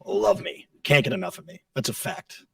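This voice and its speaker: Playing the wrestling champion in a press conference room, a man fields questions in a brash, profane way, bragging with heavy sarcasm. He talks fairly quickly, and the sound is dry with no room sound, picked up by a distant mic.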